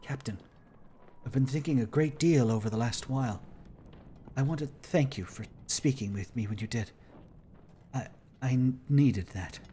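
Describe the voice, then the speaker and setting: A man voicing a timid, remorseful male doctor who speaks quietly and haltingly. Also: mid-range voice, a little hiss or hum, lightly acted.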